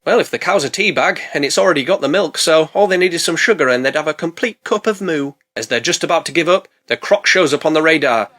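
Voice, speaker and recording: A man narrating a comedic film recap, sarcastic and deadpan, full of puns. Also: on the high side, fast, few pauses. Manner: sarcastic, punning, deadpan asides. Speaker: film reviewer.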